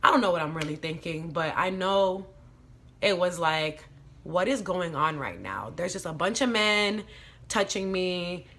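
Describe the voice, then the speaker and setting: A woman's voice: fairly low pitch, unhurried, a bit bright. A young woman vlogger telling a personal story in a candid, blunt way, swearing often and using plenty of fillers. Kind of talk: casual storytime monologue.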